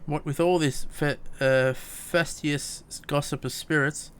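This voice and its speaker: A man's voice: fairly high pitch, fairly even intonation, unhurried, slight background noise, natural voice. A man reading game dialogue aloud as a fussy, long-winded young woman scholar, stumbling over words. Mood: prim.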